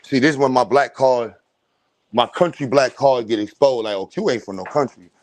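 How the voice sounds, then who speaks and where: A young adult man, hosting a casual livestream rant, loud and profane, streaming from a phone at home. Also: medium pitch, normal speed. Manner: loud, animated, profane storytelling with bursts of laughter. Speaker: stream host. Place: at home, moving between a room and the doorway outside.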